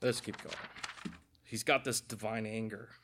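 A man's voice: fairly low pitch, steady tone, unhurried, noisy background. A man preaching a conversational sermon, earnest and emotional, with self-deprecating asides. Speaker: pastor.

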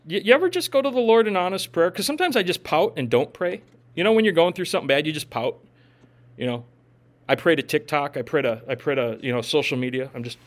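High, animated preaching man. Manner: lively, joking, uses gym and pop-culture asides; animated, swings between loud and soft. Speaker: pastor. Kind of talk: conversational sermon.

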